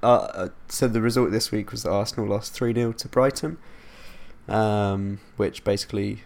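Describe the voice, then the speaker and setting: A young man hosts a casual football podcast, his voice low and gravelly with a fair bit of fry. He rambles, breaks off mid-thought and laughs at his own tangents. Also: steady tone, moderate pace, a little mellow. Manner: rambling, self-interrupting, laughs at himself. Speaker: podcast host.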